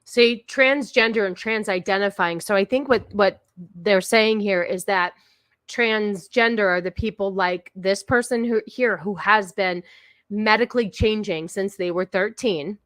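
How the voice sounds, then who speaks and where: A woman's voice: mid-range voice, a little slow, a bit bright, no echo, clean studio sound. A woman hosting a casual live stream, talking in a chatty, rambling way with many fillers and restarts. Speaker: streamer host.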